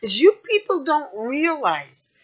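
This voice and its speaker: Very high-pitched woman ranting angrily. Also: very animated, takes it slowly. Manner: swearing, indignant, shouting at times. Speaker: vlogger. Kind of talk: angry rant to camera. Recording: dull lo-fi recording.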